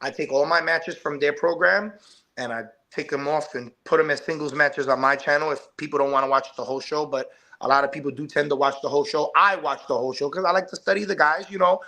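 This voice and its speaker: Bright-voiced man cutting a wrestling promo. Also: fairly high pitch, fast talker. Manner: hype promo delivery, lively and emphatic. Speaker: wrestler guest. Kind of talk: podcast interview. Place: live online show.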